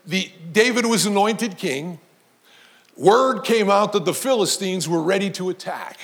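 Male pastor with a high voice, preaching with emphatic build-ups. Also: measured pace. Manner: storytelling preacher, emphatic, rising to shouts. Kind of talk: sermon.

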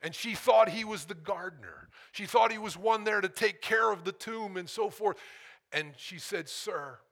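A middle-aged male preacher giving a sermon, swinging from loud calls to hushed whispers and asking the congregation questions. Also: sits high, normal speed, creaky. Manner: asks the congregation "how many know".

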